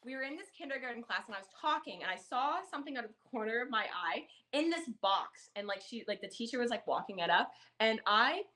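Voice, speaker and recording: A woman's voice: on the high side, quick pace, hardly any pauses. A young woman from Canada telling stories in a podcast interview, giggling often and filling her talk with "like". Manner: giggly, lots of fillers, animated quoting. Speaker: podcast guest, former rodeo queen. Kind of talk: casual storytelling.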